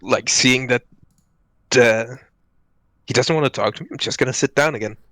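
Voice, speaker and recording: A man's voice: medium pitch, moderate pace, fairly bright tone, no room sound. A man playing a tabletop game, talking hesitantly with many fillers. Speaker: player. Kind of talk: casual tabletop play.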